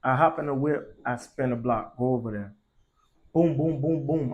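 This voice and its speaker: A man's voice: mid-range voice, normal speed, a little mellow. A young man telling a story casually, in slangy and profane speech that grows heated. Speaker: vlogger.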